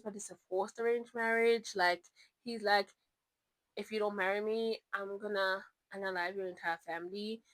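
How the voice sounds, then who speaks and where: A woman's voice: mid-range voice, no room sound, rough recording. A young woman from South Africa talks to the camera in a loose, chatty way, wandering into asides before finding her thread again. Her voice sits in an ordinary middle register and is recorded close and dry, with no room sound around it. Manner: chatty, rambling, animated asides. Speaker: book vlogger. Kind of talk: casual chat.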